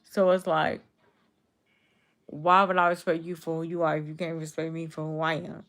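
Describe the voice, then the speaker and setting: A young woman from Chicago is streaming live and answering her chat as she goes. Her voice sits a little low and has a gravelly, fried edge, which viewers keep mistaking for a cold. She talks to her viewers directly, in a casual, unscripted way. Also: little pitch movement, normal speed, fairly bright tone. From Chicago, USA. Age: 20s. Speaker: livestreamer.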